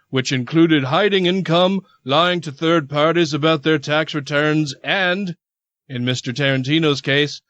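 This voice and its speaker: A man's voice: a little high, a bit bright, dry recording. A man co-hosting a casual podcast, reading news articles aloud and adding wry asides. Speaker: podcast co-host. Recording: dry, dull lo-fi podcast audio.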